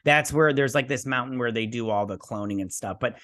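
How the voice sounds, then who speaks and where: A host casually recaps and reviews an episode, rambling through the plot in a loose play-by-play and adding mouth sound effects. His voice is at a plain middle pitch, a bit bright, and a little fast.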